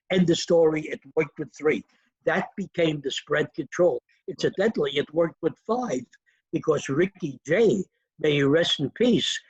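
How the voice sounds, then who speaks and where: Gravelly older man telling stories. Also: fairly high pitch, no echo, lo-fi sound. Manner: animated, acts out quoted voices. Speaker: interview guest, magician. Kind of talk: anecdotal storytelling.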